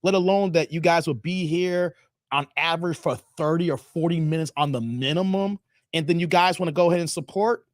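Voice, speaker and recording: A man hosting a casual live stream, laughing often and shouting out his viewers by name. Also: fairly high pitch, a little fast, no echo, studio quality.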